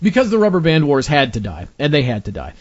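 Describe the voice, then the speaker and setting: A man's voice: on the high side, huge pitch swings, quick pace. A man hosting a casual chat, telling joking stories and teasing his co-hosts. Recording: dull lo-fi sound.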